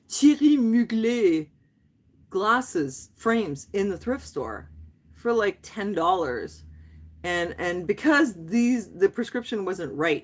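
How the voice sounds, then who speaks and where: A woman around fifty chatting playfully with viewers on a livestream, laughing often and dropping in French phrases. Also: fairly low pitch. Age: 50s. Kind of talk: casual live chat.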